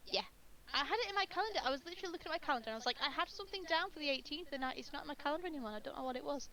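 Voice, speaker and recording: A young woman chats loosely before a tabletop session, her voice high and bright. She repeats herself in quick bursts and breaks into giggles, heard through a call mic. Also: expressive. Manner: chatty, repetitive, giggly. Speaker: tabletop game player. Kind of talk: casual chat before a game.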